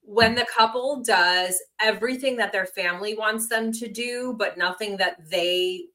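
Woman podcast co-host, bright and forceful tone, opinionated, sweary. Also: mid-range voice, unhurried, rough recording. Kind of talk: casual chat.

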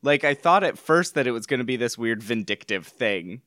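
A man's voice: mid-range voice, lively intonation, normal speed, a bit bright, dry recording, clean studio sound. A man hosting a casual film discussion, talking loosely with lots of "like" fillers. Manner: chatty, loose, many "like" fillers.

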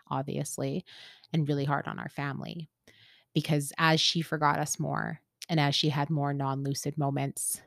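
A woman from Canada talks candidly on her podcast, laughing easily as she shares a personal story. Her voice sits low. The sound is dry and close. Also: creaky, no echo. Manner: candid, laughs often, gets emotional. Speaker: podcast host.

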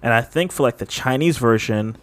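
A man talking casually on a podcast, looping through loose, rambling sentences full of filler words. His voice sits at an ordinary middle pitch. The recording is dry and close, with no room sound. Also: a little fast, no echo. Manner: rambling, heavy use of "like", laughs often. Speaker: podcast co-host. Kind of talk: casual chat.

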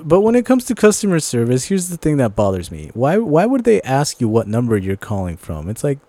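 A man's voice: medium pitch, a little fast, dry recording. A man co-hosting a podcast in casual chat, venting his frustrations with sighs and exclamations. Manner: expressive, vents with sighs and exclamations. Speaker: podcast co-host.

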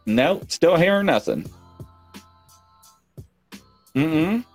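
A man's voice: a little high, sing-song, drawn-out words, soft background music. A man hosting a live online talk show, chatting casually in a rambling, joking, self-mocking way. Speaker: livestream talk show host. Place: home stream set.

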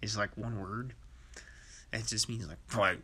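A man's voice: on the low side, steady tone, slow pace, pushed and bright, breathy edge. A man hosting a podcast in a rambling, profane monologue, laughing to himself. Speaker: podcast host.

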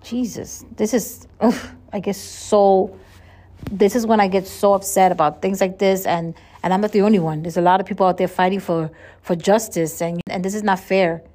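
A woman's voice: medium pitch, steady tone, moderate pace, warm tone. A woman hosting a solo podcast, talking in a chatty, earnest way and often restarting and repeating her words. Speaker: podcast host. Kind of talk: casual solo podcast monologue.

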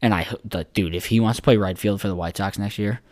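A man with a deep, low voice talks sports on a casual podcast. He rambles, swears freely and leans on filler words. The sound is dry, with no room echo. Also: steady tone, fast. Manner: rambling, profane, lots of "like" fillers. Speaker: podcast co-host.

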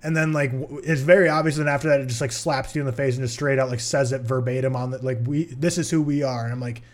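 A young man co-hosting a podcast rambles through his opinions on films in casual chat, often restarting. His voice is mid-range and level in tone, and he talks fast.

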